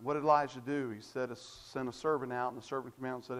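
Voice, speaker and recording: A man's voice: medium pitch, fairly even intonation, fast, fairly bright tone, slight background noise. A man preaching a sermon, emphatic and repetitive, asking rhetorical questions and stressing key phrases.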